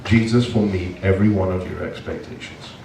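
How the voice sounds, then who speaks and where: A man's voice: low voice, brisk, creaky, far from the mic, background noise. A male pastor preaching a sermon, telling a personal story in an earnest, emotional way. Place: church sanctuary. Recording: echoey church heard from afar.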